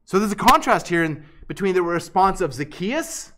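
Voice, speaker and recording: A man's voice: high voice, sing-song, normal speed, fairly bright tone. A man preaching an expository sermon, earnest and emphatic, often restarting and repeating words.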